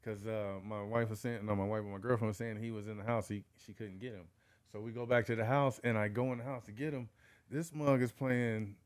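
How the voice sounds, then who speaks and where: Middle-aged dog-breeder guy, lively storyteller, casual chat. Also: lowish voice, fairly quick. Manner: animated storyteller, frequent "you know what I'm saying".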